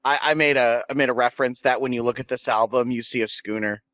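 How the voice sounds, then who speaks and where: A man co-hosting a podcast in casual chat, tossing in quick offhand remarks. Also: mid-range voice, steady tone, fairly bright tone, dry recording, dull audio. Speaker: podcast co-host.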